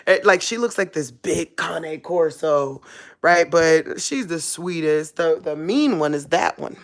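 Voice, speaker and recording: A woman's voice: lowish voice, expressive, slow pace. A woman vlogger talking casually to camera at home, laid-back and chuckling, in loose everyday speech.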